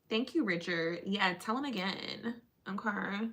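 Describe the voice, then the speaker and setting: A woman's voice: medium pitch, measured pace, fairly bright tone. Laughing, chatty woman streamer. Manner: chatty and playful, laughs often, teases viewers. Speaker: livestream host. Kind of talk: casual livestream chat with viewers.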